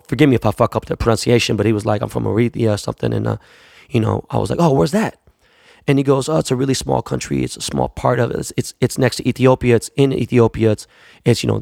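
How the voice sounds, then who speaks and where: A man's voice: mid-range voice, gravelly, a little mellow, no echo, studio quality. A man, a jeweler, telling a long casual anecdote in a profane, rambling way, acting out the people he quotes. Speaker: jeweler and store owner.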